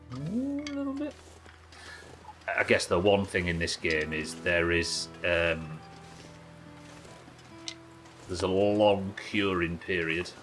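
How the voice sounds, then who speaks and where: A man's voice: sits low, sharp tone. Chatty man streaming a game. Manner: rambling, chatty, swears, self-mocking. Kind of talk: casual gameplay commentary.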